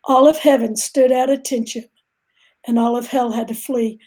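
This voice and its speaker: A woman's voice: fairly high pitch, fairly even intonation, normal speed, warm tone. A woman guest on a faith talk show, speaking earnestly and emphatically.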